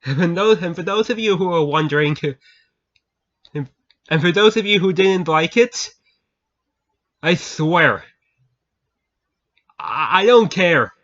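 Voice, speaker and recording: Here the channel host's voice is fairly high and a bit bright, a little slow, with long pauses. He chats casually with viewers through a funny story, frequently cracking up and repeating himself, on a dull lo-fi recording.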